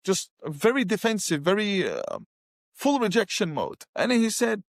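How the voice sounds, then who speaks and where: Animated man telling a personal story. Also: high-pitched, unhurried, no room sound, clean studio sound. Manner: animated, acts out his own past words. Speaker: interview guest.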